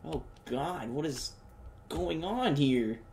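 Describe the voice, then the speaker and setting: A man's voice: on the high side, animated, slow pace, vocal fry, darkish tone, a little hiss or hum. Joking, slangy young man gaming. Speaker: gamer. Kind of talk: let's play commentary.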